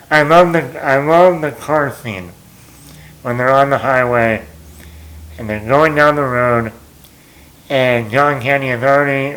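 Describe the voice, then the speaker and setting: A man's voice: medium pitch, a bit bright, rough recording. A man hosting a movie talk show, rambling casually as he retells scenes and quotes lines with chuckles.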